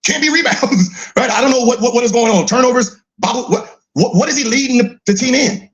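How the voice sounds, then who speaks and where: A man's voice: extremely high pitch, brisk. A middle-aged man giving casual mocking commentary, laughing often and teasing with repeated "huh?" questions. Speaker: podcast co-host reacting to clips.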